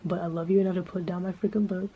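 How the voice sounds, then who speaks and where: A woman rambles casually to the camera in a lowish, flat voice, swearing often and leaning on filler words. The recording sounds dull and lo-fi, with faint noise in the background. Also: very fast. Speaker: vlogger.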